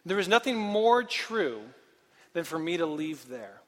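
A man's voice: on the high side, a little slow. A young man from Portland, Oregon, telling a personal story in a casual, self-deprecating sermon style. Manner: animated, self-deprecating, casual filler-heavy. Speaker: speaker. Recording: long hall reverb.

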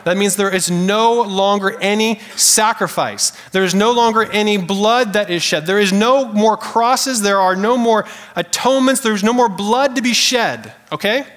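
A man preaching a sermon in a church sanctuary, animated and conversational, calling out to the congregation. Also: high-pitched, moderate pace, few pauses, long reverb tail. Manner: animated, conversational preaching with audience call-outs. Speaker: pastor.

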